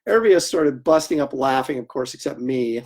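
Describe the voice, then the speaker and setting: A man talking through a relaxed livestream at his drawing table, spinning a lively story and laughing at himself. His voice sits in an ordinary middle pitch, and he drifts a little off the mic now and then as he works. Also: fast. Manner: chatty, animated anecdotes with laughter and acted quotes. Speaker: comic artist hosting a livestream. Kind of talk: casual storytelling while drawing.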